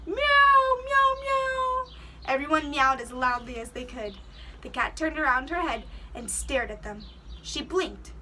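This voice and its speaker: A woman's voice: high voice, normal speed, distant mic. A woman teacher reading a children's storybook aloud, giving the characters voices and stopping to explain words to the kids.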